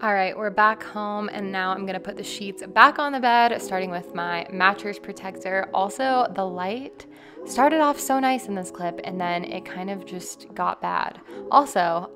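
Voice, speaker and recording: A young woman chatting casually to her viewers at home as a lifestyle vlogger, relaxed and full of "like" fillers. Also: mid-range voice, moderate pace, music in the background. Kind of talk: casual chat. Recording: steady background noise.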